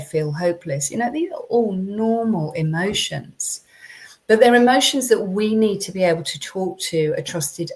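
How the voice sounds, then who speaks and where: A woman's voice: fairly low pitch, darkish tone. A woman coaching parents in a chatty live-streamed talk, with many ums and restarts.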